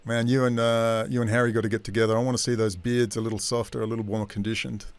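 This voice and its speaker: A man's voice: medium pitch, little pitch movement, fast, smooth. An Australian man hosting a casual live-stream chat, talking in a rambling, blunt, slangy way. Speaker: host of a live online chat.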